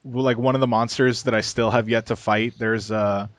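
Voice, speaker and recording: A man's voice: medium pitch, moderate pace, dry recording. Een man die als medepresentator ontspannen over games praat, met veel opvulwoorden en gegrinnik. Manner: relaxed, hesitant with many fillers, chuckles. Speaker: podcast co-host. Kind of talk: casual gaming podcast chat.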